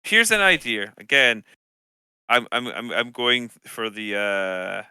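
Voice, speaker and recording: A man in a tabletop game session, thinking out loud about his next move. His voice is very bright and crisp. It is recorded close and dry, with no room sound. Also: mid-range voice, very animated, slow, no echo. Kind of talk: casual game chat.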